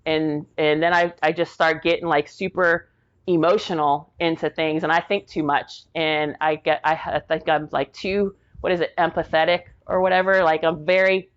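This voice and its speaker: Low-voiced woman, rambling casual storytelling. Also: level tone, moderate pace, dull audio. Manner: rambling, heavy use of "like", acts out quoted people. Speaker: guest, Army veteran.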